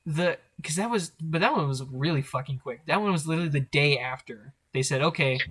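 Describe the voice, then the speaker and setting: A young man co-hosting a podcast, chatting casually in an animated way, swearing and laughing often. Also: on the high side, a little fast, over a noisy crowd. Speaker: podcast co-host. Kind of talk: casual chat.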